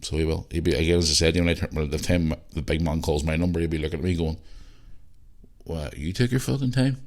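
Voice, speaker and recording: A Northern Irish man talks through a casual solo podcast in a very low, deep voice. He rambles, circles back to repeat himself and swears freely. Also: level tone, very fast. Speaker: podcast host.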